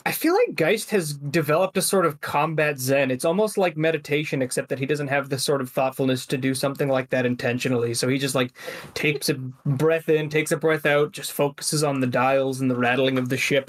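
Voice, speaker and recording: A man playing a tabletop role-playing game, explaining his character in a thoughtful, measured way. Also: medium pitch, steady tone. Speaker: player.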